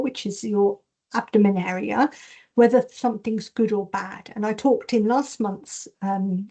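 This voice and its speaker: A woman teaching an online masterclass on intuition. She reads questions from the chat aloud and acts out her inner voices with lively changes of tone. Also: on the high side.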